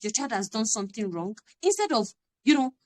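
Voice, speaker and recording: A woman's voice: fairly high pitch, sing-song, fairly quick, a little mellow. A woman, giving an earnest, emphatic parenting talk on a live stream and repeating her key phrases. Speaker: parenting coach.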